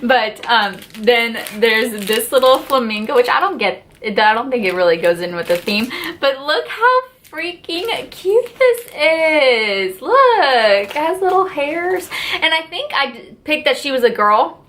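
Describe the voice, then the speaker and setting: A woman's voice: high-pitched, sing-song, unhurried, few pauses, fairly bright tone, a little hiss or hum. Gushing, chatty woman vlogger. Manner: gushing, chatty, lots of "like" and "just". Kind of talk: casual haul and unboxing vlog.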